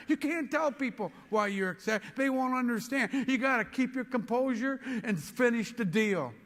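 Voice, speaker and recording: High-voiced older man giving a rousing speech. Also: normal speed, hardly any pauses. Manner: energetic storytelling, acting out both sides of phone calls. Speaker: motivational speaker. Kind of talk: motivational speech. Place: large hall before an audience. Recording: long hall reverb with faint music.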